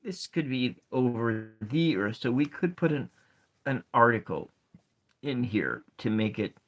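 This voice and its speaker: A man giving a soft-spoken ASMR lesson at his writing desk, thinking aloud as he counts syllables and spells out words. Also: mid-range voice, lively intonation, measured pace, lo-fi sound. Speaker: ASMR poetry teacher. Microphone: camera set over his desk.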